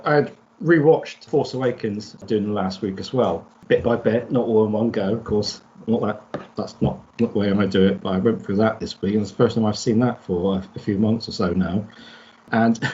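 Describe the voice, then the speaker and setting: A man co-hosting a podcast in casual chat, rambling with halting restarts. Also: mid-range voice, a little mellow. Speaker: podcast co-host. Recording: dull lo-fi sound.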